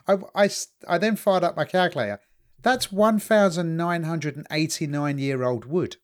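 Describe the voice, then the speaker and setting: A man's voice: fairly high pitch, lively intonation, moderate pace. A man in casual podcast chat, joking and incredulous, with casual swearing. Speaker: podcast co-host.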